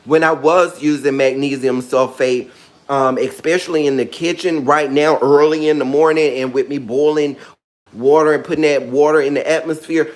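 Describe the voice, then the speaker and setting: A sassy man chats through a casual how-to vlog, full of playful, dramatic asides. His voice sits in an everyday middle pitch. He keeps an easy, conversational flow throughout. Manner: sassy, chatty, calls viewers girl and honey. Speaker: orchid care vlogger.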